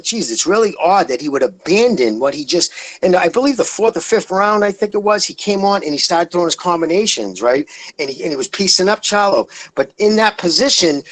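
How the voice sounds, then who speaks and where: A man calling in to a boxing podcast, rambling and swearing freely as he talks through a fight. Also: on the high side. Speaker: caller. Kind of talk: casual boxing talk. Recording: phone call-in audio.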